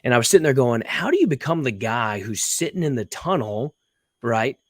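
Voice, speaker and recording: A man telling a story in relaxed podcast chat, stringing one question onto the next. His voice is at a middle pitch. The sound is dry and close, with no room ring. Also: a little fast, dry recording. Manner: storytelling, asks many questions. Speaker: podcast co-host. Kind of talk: casual chat.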